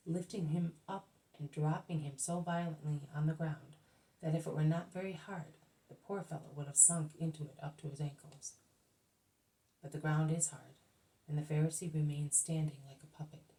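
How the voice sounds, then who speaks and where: A woman reads a religious book aloud at a steady, measured pace. Her voice is low and mellow. The mic sits some distance away. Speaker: reader.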